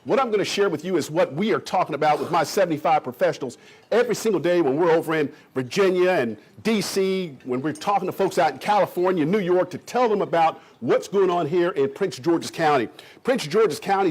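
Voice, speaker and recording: A man in his fifties from Kentucky speaks to a live audience with a husky edge and a fairly high voice for a man. He is eager and playful, telling stories and cracking jokes with the crowd. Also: expressive, brisk. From Kentucky, USA. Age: 50s. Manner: enthusiastic, jokey storyteller who riffs off the crowd. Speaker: county economic development official addressing realtors. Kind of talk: energetic speech to a live audience.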